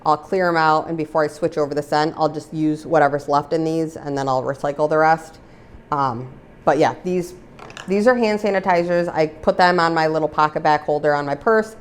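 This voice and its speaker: A woman with a low voice rambles through a casual review vlog, tossing in filler words as she goes. She talks freely and gets a bit heated about products that were taken off the shelves. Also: brisk. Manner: chatty, rambling, many "like" fillers; gets heated and exasperated over discontinued products. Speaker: vlogger reviewing used-up products. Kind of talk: casual chat.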